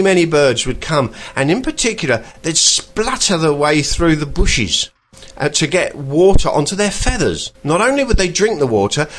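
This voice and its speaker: A man's voice: mid-range voice, a bit bright. Guy rambling through his podcast, stops a lot to find the word. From England. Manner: rambling and chatty, pausing to search for words. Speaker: podcast host. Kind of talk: casual podcast monologue.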